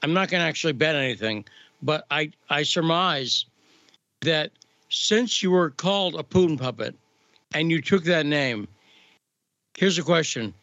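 A man's voice: a little high, animated, unhurried, pauses often, bright, forceful tone, dry recording, lo-fi sound. A man hosting a radio show, asking conversational, leading questions. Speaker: radio host. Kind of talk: radio interview.

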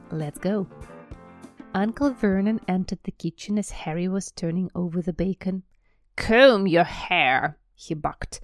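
A woman with a Russian accent hosting an English lesson podcast, chatting warmly and reading a story aloud. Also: lowish voice, no room sound. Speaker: English teacher and podcast host. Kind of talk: language lesson with read-aloud.

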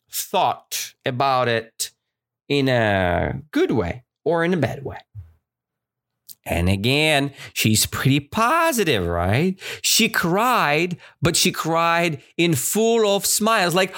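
Slow, lively-voiced woman teaching a story. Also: deep voice. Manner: slow, lively, rising voice for quoted lines. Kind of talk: reading and explaining a story to learners.

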